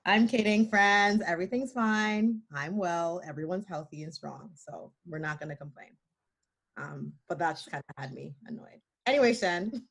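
A woman co-hosting a podcast in casual chat, animated and jokey with mock-dramatic complaints. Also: on the low side, moderate pace, gravelly. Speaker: podcast co-host.

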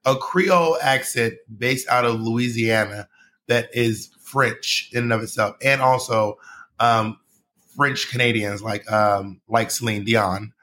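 An American man with a bright, forward voice chats loosely as host over a video call. He rambles playfully and drifts off on tangents. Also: medium pitch, fairly even intonation, takes it slowly. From United States. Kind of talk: casual chat.

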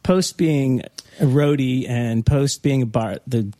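A man hosting a podcast, asking questions and recapping in a relaxed, casual way. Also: medium pitch, takes it slowly. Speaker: podcast host. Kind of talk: casual interview chat.

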